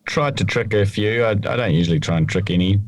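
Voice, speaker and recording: A man's voice: fairly low pitch, fast. A man co-hosting a podcast, explaining rules plainly in casual chat. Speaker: podcast co-host, rules expert.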